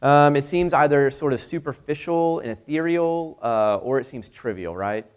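A man's voice: fairly high pitch, moderate pace, clear, resonant tone. A young male pastor giving a sermon in a conversational way, with many rhetorical questions.

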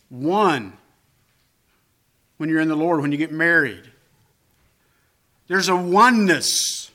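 Slow, bright-voiced male preacher. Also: a little high, lively intonation. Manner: conversational, self-deprecating asides; emphatic repetition, rising on key phrases. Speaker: pastor. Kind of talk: sermon.

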